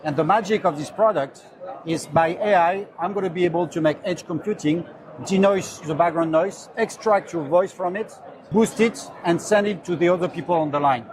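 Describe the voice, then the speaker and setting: A man representing a company, earnestly explaining his product in a slightly halting way on a trade show floor. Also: high-pitched. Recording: loud crowd chatter behind.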